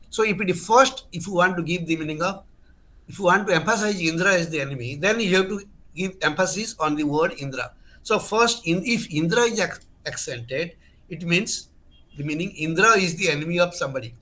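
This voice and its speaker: Emphatic bright-voiced male teacher. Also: fairly high pitch. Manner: earnest, emphatic, repeats key terms and restarts phrases. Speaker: Sanskrit grammar teacher. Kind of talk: online lecture.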